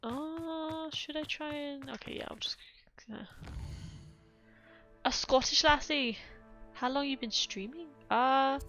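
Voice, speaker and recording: A woman's voice: high voice, takes it slowly, bright, forceful tone, soft background music. A European woman streaming a game, chatting casually, laughing often and reading chat aloud.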